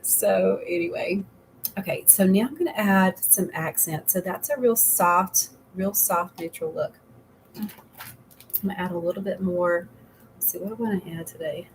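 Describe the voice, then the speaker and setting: Middle-aged woman, makeup consultant; chatty, rambling tutorial delivery, slightly low pitch. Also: moderate pace, a little hiss or hum, low-quality recording. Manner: rambling, chatty, laughs often. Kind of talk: casual makeup tutorial chat.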